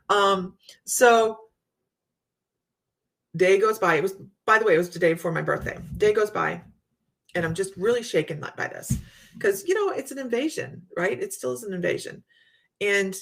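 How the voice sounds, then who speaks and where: Gravelly chatty woman telling stories. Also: medium pitch, a bit bright. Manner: chatty storytelling, Southern US "y'all". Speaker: psychic medium host. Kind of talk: casual live chat with viewers.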